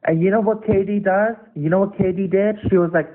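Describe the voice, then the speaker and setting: A young man telling the story of an online dispute in an angry, profane, rapid rant. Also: high voice, steady tone. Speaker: online debater. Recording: tinny phone-like audio.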